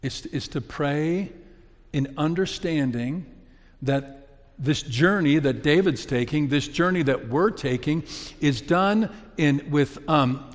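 A male pastor delivering a sermon in an unhurried, deliberate cadence. He pleads earnestly, swelling on emphatic phrases and sinking low and soft between them. His voice trails off in the long echo of a large sanctuary. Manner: earnest, rising to emphatic peaks then dropping soft. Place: church sanctuary. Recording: long reverb of a large hall.

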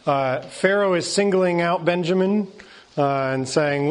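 A man leading a Bible study, explaining a passage in a relaxed way with fillers. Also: on the high side, normal speed. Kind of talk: casual teaching.

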